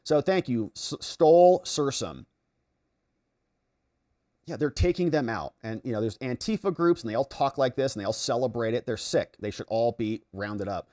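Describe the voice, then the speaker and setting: Reading his viewers' chat out loud, a U.S. livestream host reacts while running political commentary, talking a little fast with hardly any pauses. His delivery lurches from excited bursts to quiet muttering.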